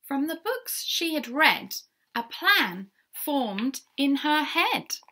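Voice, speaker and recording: A woman's voice: high-pitched, big pitch swings, takes it slowly, bright, forceful tone. A woman reading a rhyming picture book aloud to children, in a sing-song way, sometimes whispering and asking the listener questions. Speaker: children's storyteller.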